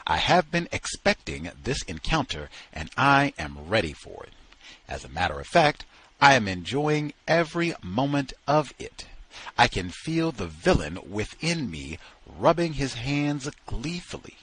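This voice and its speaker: A man reading a novel aloud at a book study session in a slow, dramatic storytelling manner. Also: medium pitch, big pitch swings, fairly bright tone, breathy edge, poor audio.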